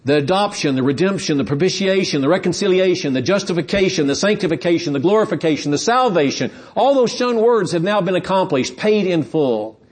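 A man's voice: high-pitched, lively intonation, fairly quick, few pauses, breathy edge. A man preaching a sermon, earnest and explanatory, often repeating words as he builds toward emphatic points.

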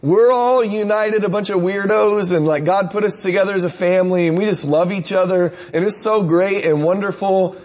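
A man's voice: high voice, fairly even intonation, normal speed, few pauses, a little mellow, close to an everyday voice. A man doing a gushing, starry-eyed young guy. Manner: breathless, over-the-top enthusiastic.

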